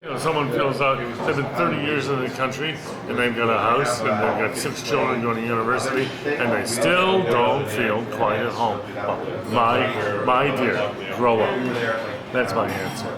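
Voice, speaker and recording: A man's voice: mid-range voice, moderate pace. Blunt, opinionated man in a noisy restaurant. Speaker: dinner guest in conversation. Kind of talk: casual dinner conversation. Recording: noisy restaurant crowd behind.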